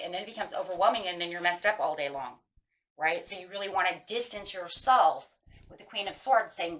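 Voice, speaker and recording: Her voice somewhat low yet fairly bright, a woman reading tarot walks her viewers through casual spiritual advice despite poor audio. Earnest and emphatic, she repeats important phrases and tags her points with a quick "right?"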